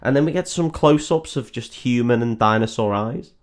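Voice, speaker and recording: Male co-host, mid-pitched, rambling and giggly, sweary casual film recap. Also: moderate pace. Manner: rambling, laughing often, sweary. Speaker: podcast co-host.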